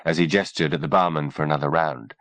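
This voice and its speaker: A man narrating an audiobook in a steady, measured reading voice. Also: extremely low pitch, no room sound.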